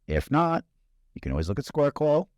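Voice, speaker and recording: A man's voice: on the high side, big pitch swings, fairly quick, a little mellow, dry recording, studio quality. A man hosting a podcast, giving a conversational motivational business talk full of stories and rhetorical questions. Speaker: podcast host.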